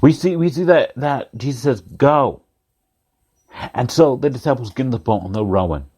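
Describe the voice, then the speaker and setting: A man's voice: medium pitch, fast talker, slightly rough. Man preaching a story-driven sermon. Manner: lively storytelling, repeats phrases, asks the audience questions.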